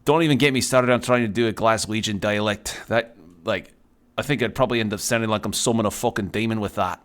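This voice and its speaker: A man's voice: fairly low pitch, fast, fairly bright tone. A man streaming a video game, chatting casually and rambling between thoughts, with the odd swear word. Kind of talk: casual chat while playing a video game.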